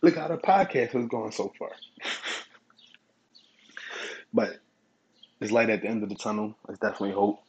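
A man hosting his own podcast, telling stories in a relaxed, profane way and chuckling often. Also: fairly low pitch, moderate pace, pauses often, highs cut off, a little hiss or hum. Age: adult. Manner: laid-back, profane storytelling with chuckles. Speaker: podcast host. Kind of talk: casual solo podcast monologue.

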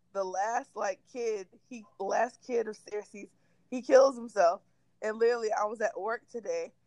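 A woman's voice: mid-range voice, dry recording, rough recording. A young adult woman co-hosting a podcast, chatting candidly and acting out quotes as she tells stories. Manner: candid, animated storytelling with acted-out quotes. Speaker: podcast co-host. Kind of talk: casual chat.

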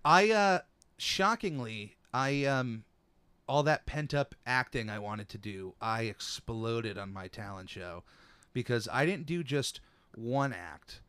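A young man hosts a relaxed podcast chat. He has a bright, forward tone and tells his stories in an animated way with quick asides. The sound is dry and close. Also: medium pitch, clean tone, dry recording. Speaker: podcast host. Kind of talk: casual chat.

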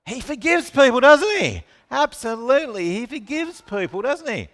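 Lively preacher man in a hall. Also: very high voice, normal speed. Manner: animated, asks the room questions, calls on listeners by name. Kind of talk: sermon to a congregation. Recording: long reverb of a hall.

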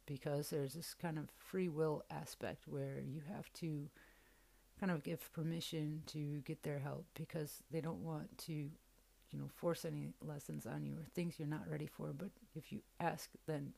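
A woman's voice: low voice, steady tone, a little slow, creaky, dark tone. A young woman hosting a podcast, telling a personal story in a candid, casual way and swearing freely. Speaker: podcast host.

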